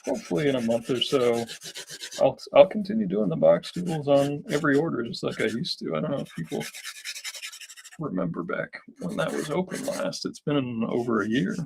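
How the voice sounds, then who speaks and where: A man streaming a live drawing session, slightly hoarse and talking casually, thinking aloud with lots of fillers and restarts. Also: on the high side, animated, normal speed, a little mellow, a little hiss or hum, poor audio.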